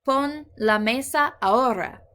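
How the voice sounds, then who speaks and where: A woman's voice: on the high side, measured pace, a bit bright. Patient woman teaching Spanish. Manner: patient, explains step by step, switches between English and Spanish. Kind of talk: recorded grammar lesson.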